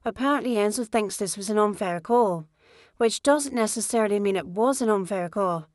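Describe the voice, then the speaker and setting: Brief: woman audiobook narrator, steady, mid pitch, dry booth. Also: normal speed, no echo. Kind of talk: first-person audiobook narration.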